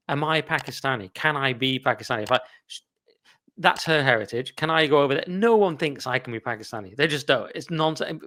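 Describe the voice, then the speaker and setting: Fast-talking sardonic Englishman. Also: medium pitch, a bit bright. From England. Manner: blunt, sardonic, rambling asides. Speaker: podcast host. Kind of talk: casual opinionated chat.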